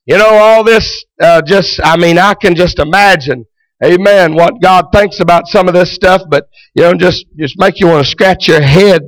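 A male pastor preaching a fervent sermon, full of amens and hallelujahs and bursts of shouting. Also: high voice, moderate pace, no room sound, rough recording.

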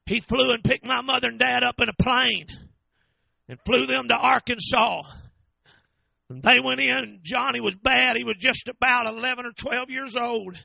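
A man's voice: extremely high pitch, steady tone, moderate pace, vocal fry, pushed and bright, no room sound, highs cut off. A man preaching a storytelling sermon, fervent and drawn out.

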